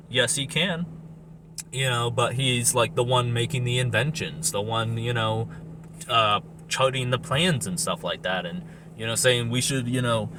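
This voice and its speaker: Male reviewer, mid-pitched, loose profane rant, laughs a lot, steady noise and passing vehicles behind him. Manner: rambling, profane, animated, laughs often. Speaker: movie reviewer. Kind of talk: casual rant.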